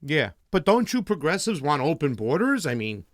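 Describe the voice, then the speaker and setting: A man's voice: fairly high pitch, sing-song, moderate pace. A man voicing a skeptical male Republican voter from New Jersey, mock-challenging and heckling.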